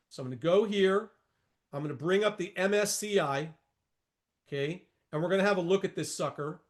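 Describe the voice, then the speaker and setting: A man in his sixties teaches trading as a market educator, bringing charts up on screen while he talks in a distinctly high voice. His style is forceful and repetitive, peppered with folksy comments aimed at viewers.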